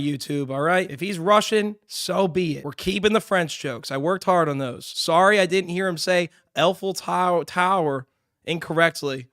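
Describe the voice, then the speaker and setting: A man streaming live, giving mocking, animated commentary on videos and swearing freely. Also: a little high, dry recording, clean studio sound.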